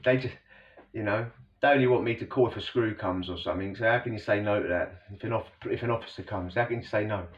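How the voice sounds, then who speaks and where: Man, low voice, casual rambling storytelling, slangy, distant dull lo-fi recording. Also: fast. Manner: rambling, slangy, full of "you know" asides. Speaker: storyteller recounting prison life.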